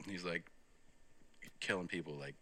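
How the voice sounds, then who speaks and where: A podcast guest with a low, unhurried voice tells a casual anecdote. His storytelling is profane and animated, and he quotes the people involved.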